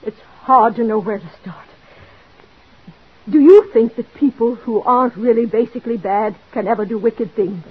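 Speaking at a normal speed with a slightly high, breathy voice, a woman performs the role of a desperate, jealous wife in an old radio play. She pleads and overdoes it in classic 1940s style, and the recording quality is dull.

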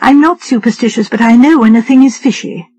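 A woman's voice: on the high side, a little fast, mellow, natural voice, low-quality recording. A woman reader voicing a practical female nurse in a firm, matter-of-fact way.

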